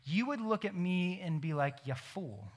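A young man preaching a sermon, animated and emphatic, acting out imagined conversations. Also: sits high, moderate pace. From Ohio. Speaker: pastor.

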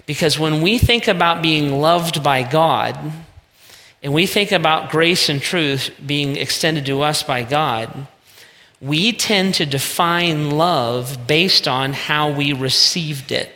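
Guy preaching, kinda high bright voice, chatty and punchy, big hall echo. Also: slow pace. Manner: conversational preaching with emphatic asides. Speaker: pastor. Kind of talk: sermon. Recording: reverberant hall.

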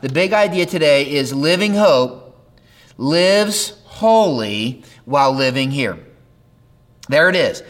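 A man's voice: fairly high pitch, a bit bright. A middle-aged man preaching a sermon in a conversational way, with rhetorical questions and repetition. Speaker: pastor.

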